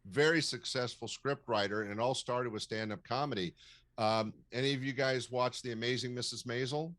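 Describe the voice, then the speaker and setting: An older man, a comedy club owner, giving advice in a measured, storytelling interview with frequent fillers. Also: mid-range voice, fairly even intonation, fairly bright tone. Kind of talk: casual interview talk, advising.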